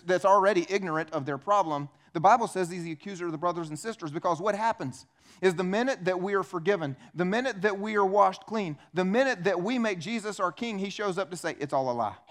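A man with a fairly high voice delivers a sermon in a church. He keeps it conversational, asks the congregation questions and breaks into little acted voices for the people he quotes. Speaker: pastor.

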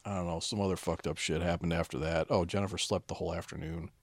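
A man's voice: sits low, steady tone, fast, no echo. A man in his thirties, co-hosting a podcast, telling stories in a casual, profane way. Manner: profane, storytelling, acts out kids' voices. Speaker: podcast co-host. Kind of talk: casual chat.

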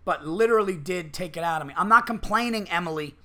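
Podcast host, male, a bit high, bright and forceful tone, swears freely, acts out quotes. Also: quick pace. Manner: profane, rambling storytelling with acted-out quotes. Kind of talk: casual podcast chat.

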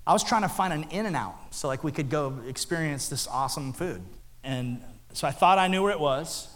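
Here a pastor, a middle-aged man whose voice sits on the high side, speaks at normal speed, animatedly trading jokes and stories with his congregation during a sermon. There's long hall reverb and faint music behind him.

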